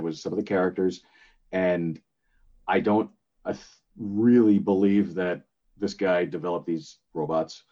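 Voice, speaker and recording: On a muffled recording, an older man with a low, mellow voice chats casually as a podcast co-host. His talk rambles, packed with filler words and restarts.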